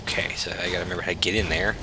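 A man's voice: low-pitched, fairly even intonation, rapid-fire, heavy background noise. A man casually commenting on his own gameplay as a channel host, chatty and self-mocking, swearing freely.

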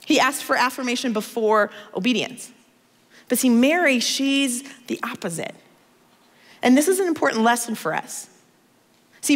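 A woman in her thirties from the United States, preaching a sermon in a conversational, expressive storytelling manner. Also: a little high, big-room sound.

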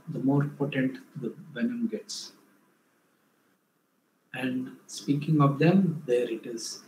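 Man giving a hesitant slide talk. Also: medium pitch. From India. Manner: hesitant, self-correcting, animated when retelling a story. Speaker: wildlife photographer presenting slides. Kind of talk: illustrated talk. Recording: echoey room, faint background noise.

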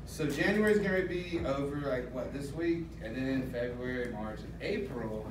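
A man's voice: mid-range voice, moderate pace, far from the mic. A man doing a crude, loose stand-up comedy set on a club stage, laughing at his own jokes. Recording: echoey club with crowd noise. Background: audience laughter.

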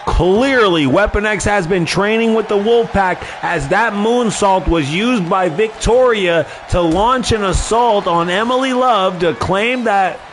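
A man giving excited play-by-play commentary on a wrestling video game, often shouting exclamations. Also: high-pitched, unhurried, hardly any pauses, background noise.

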